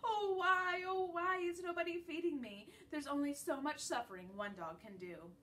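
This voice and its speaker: Woman voicing a whiny, excitable pet dog. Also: high-pitched, very slow, recorded from a distance, a little hiss or hum, pitched above the performer's own voice, heavily acted. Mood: whining. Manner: pleading, whimpering. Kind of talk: storybook read-aloud.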